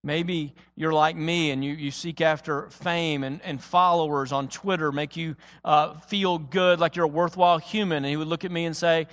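A man preaching a sermon, dramatic, moving between loud emphatic lines and quiet, low-spoken ones. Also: moderate pace. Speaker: pastor. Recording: long reverb of a large hall.

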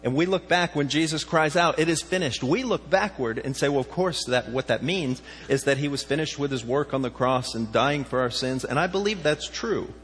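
A man's voice: medium pitch, lively intonation, normal speed, hardly any pauses, a bit bright. A man preaching a sermon, talking in a conversational way and often asking his listeners questions. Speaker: pastor. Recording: reverberant hall with faint mains hum.

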